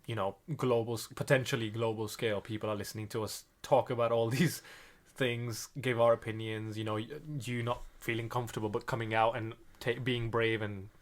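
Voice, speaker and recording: A man's voice: medium pitch, flat delivery, brisk. A young man with an Indian accent blended with British and American sounds talks earnestly as a podcast co-host. He often restarts his phrases as he works through his thoughts. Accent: Indian mixed with British and American. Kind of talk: reflective podcast chat.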